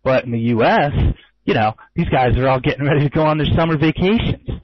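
A man's voice: on the high side, fast talker, no room sound, muffled recording. A man who trades forex giving a loose, casual market commentary webinar, with many fillers and wry asides. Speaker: forex trader and trading educator.

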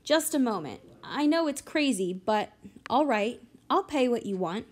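A woman's voice: a little high, lively intonation, a little slow, darkish tone. A woman reading an audiobook, voicing a polite, persuasive bachelor businessman ready to retire. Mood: earnest. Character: polite middle-aged male businessman, eager to buy.

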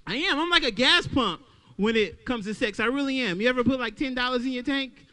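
A man doing a stand-up comedy set at an open mic, talking loudly and playing out little voices for the crowd. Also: extremely high pitch, fairly quick. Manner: loud, animated crowd work with acted-out voices.

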